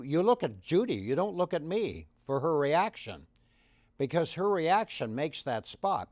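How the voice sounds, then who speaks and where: An older man tells stories in an interview, his voice swinging up and down as he gets loud and then soft. The sound is dry and close, with no room around it. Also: mid-range voice, no echo. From Canada. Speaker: impressionist guest. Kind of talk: anecdotal interview storytelling.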